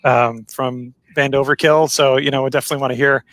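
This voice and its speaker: A man hosting a livestream over a video call. He is friendly and joking, and talks in quick bursts. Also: mid-range voice, fairly even intonation, a bit bright, no room sound, poor audio. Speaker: host. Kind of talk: livestream talk show hosting.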